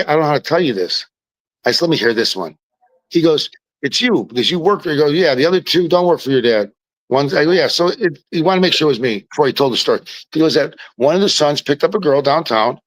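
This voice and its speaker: An animated man, talking at an everyday middle pitch. He tells stories in a loose, casual way, repeating and restarting words as he goes. The sound is close and dry. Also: no room sound, rough recording. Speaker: podcast guest. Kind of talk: casual storytelling chat.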